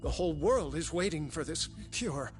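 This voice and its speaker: A man's voice: a little high, expressive, normal speed, lightly acted. An actor playing a tense, guilt-ridden male scientist who talks in a hesitant, earnest way, in dubbed game dialogue. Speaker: research scientist. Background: dramatic game music.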